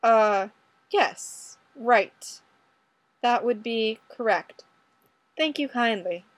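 A woman's voice: a little high, lively intonation, drawn-out words, dry recording, full character voice. A woman voicing a formal, courteous Canadian Mountie who speaks in a clipped, correct manner. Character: polite, formal Canadian Mountie man, stiff.

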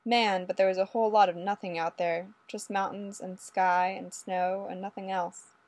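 A woman narrating a story in an even, steady way. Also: medium pitch, normal speed. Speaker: story reader.

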